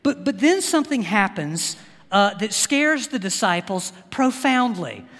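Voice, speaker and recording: A man preaching a sermon as pastor, animated, with his voice climbing for emphasis. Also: measured pace. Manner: animated, rising pitch for emphasis, laughs often. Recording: hall reverb.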